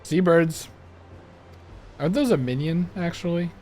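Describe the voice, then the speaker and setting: A man's voice: on the high side, unhurried, dark tone, a little hiss or hum. Chatty young man streaming a game. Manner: chatty, rambling, laughs easily. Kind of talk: casual let's-play commentary.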